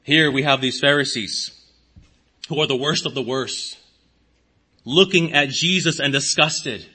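Bright, husky-voiced man preaching. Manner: preaching with dramatic shifts in pitch and volume, voicing imagined speakers. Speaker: pastor. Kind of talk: sermon.

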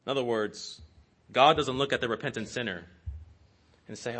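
Guy preaching a sermon, earnest and rhetorical, keeps saying saints, bright voice. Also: mid-range voice, animated, normal speed, pauses often, slightly rough.

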